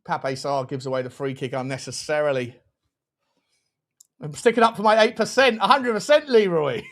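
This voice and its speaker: A man hosting a live football watchalong, animated and excitable, quick to laugh and swear while chatting over the match. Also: fairly high pitch. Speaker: fan channel host.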